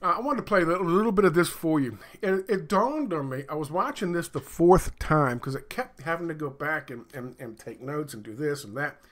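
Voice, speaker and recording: A man's voice: a little high, animated, a little fast, few pauses, a bit bright. A middle-aged man ranting in a casual commentary, sarcastic and profane, rambling with lots of fillers. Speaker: video commentator.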